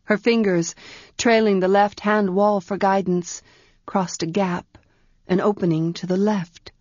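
A woman narrating a story in a measured, quiet storytelling manner. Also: medium pitch, steady tone, no echo, dull audio. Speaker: audiobook narrator.

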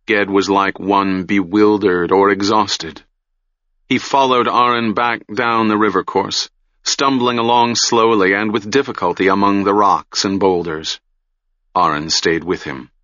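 Audiobook narrator, man, very slow and solemn, bright-edged tone, dull lo-fi recording. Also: fairly low pitch, fairly even intonation, no room sound. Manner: measured, solemn reading. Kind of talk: scripted fantasy narration.

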